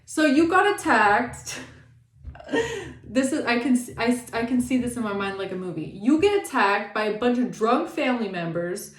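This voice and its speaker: A woman giving a casual tarot reading, animated and sassy, swearing often and acting out the people she talks about. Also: on the high side, moderate pace, echoey room. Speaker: tarot reader.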